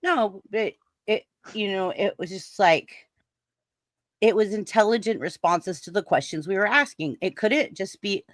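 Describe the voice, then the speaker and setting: Animated middle-aged woman telling a story. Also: medium pitch, a little slow, dry recording, studio quality. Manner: animated storyteller who mimics sounds. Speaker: storyteller on a chat show. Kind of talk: casual chat.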